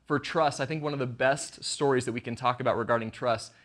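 A man's voice: mid-range voice, steady tone, a little fast, fairly bright tone. A man preaching a casual online sermon as pastor, conversational and jokey, acting out the lines he quotes.

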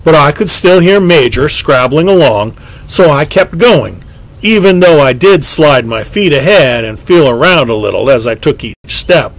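A man reading a story aloud with expressive, lively delivery as a scripted narration. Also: on the high side, normal speed, rough recording. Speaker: audiobook narrator.

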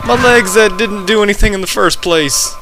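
A man's voice: high-pitched, fairly even intonation, moderate pace, over music, poor audio. A young man giving frustrated, goofy running commentary while playing a video game. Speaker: gameplay commentator. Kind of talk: let's play commentary.

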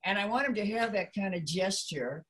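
A woman's voice: medium pitch, a little fast. A middle-aged woman teaching character voice technique, switching between demonstration voices and explanation. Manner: animated, jumps between demo voices and explanation. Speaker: voice acting teacher.

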